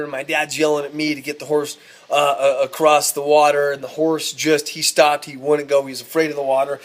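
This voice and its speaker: A man, a rodeo cowboy, telling a ranch story in a folksy, animated, self-amused way. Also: a little high. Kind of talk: casual spoken storytelling.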